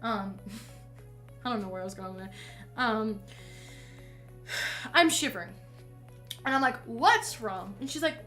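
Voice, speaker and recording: A young woman streamer tells a story in a casual, rambling way, swearing freely and breaking off into asides. Her voice sits high and bright, with faint music playing behind her. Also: slow pace, pauses often. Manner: rambling, swears a lot, self-interrupting asides.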